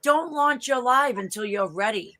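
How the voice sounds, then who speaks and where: A woman with a thick Boston accent telling stories in a casual video-call chat, animated and blunt, swearing and laughing often. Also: fairly high pitch, normal speed, low-quality recording. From Boston area, US. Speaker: interview guest.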